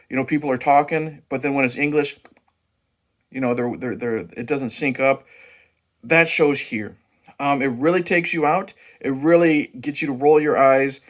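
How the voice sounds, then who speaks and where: A man's voice: on the high side, fairly bright tone. Profane, rambling man reviewing a horror movie. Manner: rambling, profane, with frequent restarts and fillers. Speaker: movie review channel host.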